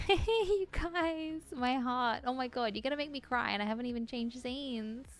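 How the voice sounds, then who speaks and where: A woman's voice: high voice, moderate pace, soft background music. A woman chatting casually on her live stream, bubbly and giggly, thanking viewers and admitting she feels scattered.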